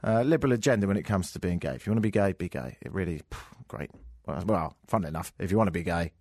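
Riffing on current events with sarcastic jokes, a male talk radio host from England speaks very fast into a studio microphone in a radio studio. His voice sits low with a darkish tone, and the sound is clean studio quality with no room sound.

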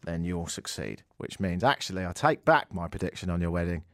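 A man's voice: low voice, animated, fairly quick, dry recording, clean studio sound. Sarcastic man reading the news. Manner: sarcastic, mocking, jumps between shouty and muttered asides. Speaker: comedy host reading news. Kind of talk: mocking comic news reading.

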